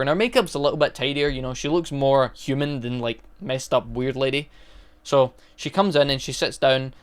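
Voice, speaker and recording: A man's voice: medium pitch, clean tone. A man recapping a horror movie in a casual, rambling way, stopping often to correct himself. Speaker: movie reviewer.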